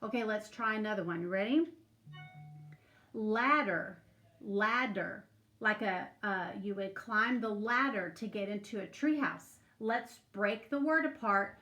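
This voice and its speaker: Slow, patient woman teaching phonics. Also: mid-range voice, pushed and bright, faint music behind. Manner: slow, patient, sing-song prompting with stretched-out sounds. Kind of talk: remote phonics lesson for young children.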